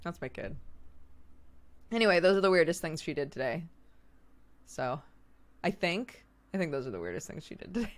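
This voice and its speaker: Woman streamer, casual chat, animated swooping pitch, laughs a lot, swears easily. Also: normal speed, pauses often. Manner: chatty storytelling, laughing often, swears casually. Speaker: streamer host.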